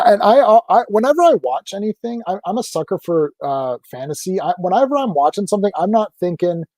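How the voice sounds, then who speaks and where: A man's voice: fairly high pitch, a little mellow, dry recording. A man hosting an interview, chatting casually, enthusiastic and rambling, with lots of fillers. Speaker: host.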